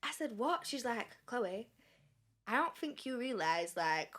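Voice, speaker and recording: Chatty young Yorkshire woman, bright voice. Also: a little high, a little slow. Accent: Yorkshire English. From Sheffield, England. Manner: animated, acts out quoted dialogue. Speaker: guest singer. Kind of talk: casual storytelling.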